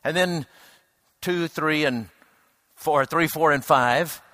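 A man preaching a reflective sermon, unhurried, with frequent hesitant restarts. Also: fairly high pitch, pushed and bright, no echo, clean studio sound.

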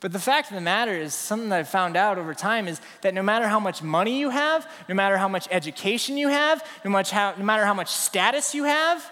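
Male preacher, animated storyteller, higher-pitched voice, long church-hall reverb. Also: fast talker, hardly any pauses. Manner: animated storytelling, acts out scenes. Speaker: pastor. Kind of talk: sermon. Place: church sanctuary.

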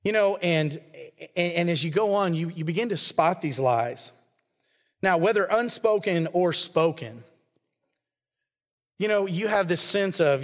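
Earnest preacher in a reverberant hall. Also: male voice, sits high, animated, a little slow. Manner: earnest, conversational, acts out imagined quotes. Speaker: pastor. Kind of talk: sermon.

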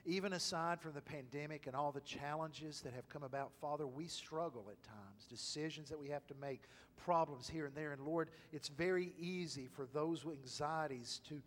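A male pastor preaching a sermon, swinging from loud, emphatic exhortation to hushed whispers. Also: fairly high pitch, normal speed, slight background noise. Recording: long reverb of a large hall.

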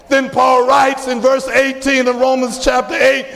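An older man preaches a sermon, his voice pitched very high and rough with gravel. He talks slowly and builds to shouted emphasis. His voice rings through a church with a long reverb. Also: completely flat delivery, some chatter behind, slight background noise. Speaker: pastor. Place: church sanctuary.

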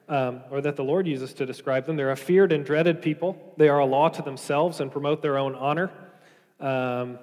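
Earnest preacher man in a reverberant hall. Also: fairly high pitch. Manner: earnest, reads scripture aloud and explains it. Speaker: pastor. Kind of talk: sermon.

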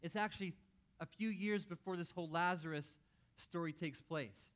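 A man with a slightly higher-pitched voice preaching a sermon to his congregation. He talks in a relaxed, conversational way and drops in playful asides. He acts out the quotes as he goes. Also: normal speed. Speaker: pastor.

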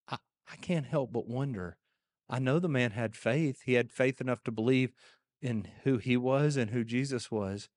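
A man's voice: medium pitch, brisk. A male pastor preaching a sermon in a conversational, emphatic way, often repeating words. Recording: long echo in a church hall.

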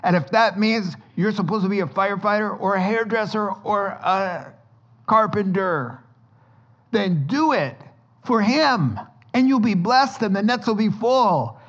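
A man delivers a sermon in a fairly high voice, acting out sounds and voices as he tells stories. The recording is dull and lo-fi, with the top end rolled off. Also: measured pace. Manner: lively storytelling, acts out sounds and dialogue. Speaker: pastor.

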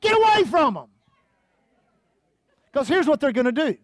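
A male pastor preaching with fervor and calling out to his congregation. His voice sits very high for a man. The sound is dry, with almost no room echo. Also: very animated, normal speed. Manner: fervent, calls out to the congregation; reads scripture aloud. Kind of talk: sermon.

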